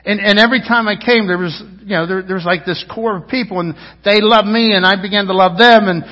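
Husky-voiced man preaching in a reverberant church. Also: fairly even intonation, fairly quick. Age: 50s. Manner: rambling, storytelling with restarts and asides; swings between loud emphasis and low, quiet lines. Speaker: pastor. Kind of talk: sermon. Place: church sanctuary. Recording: dull sound with long reverb, as in a church hall.

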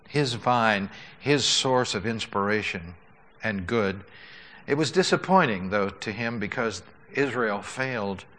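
A man preaching a sermon as pastor, in an unhurried, earnest way with frequent filler sounds and restarts. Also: on the low side, bright, forceful tone.

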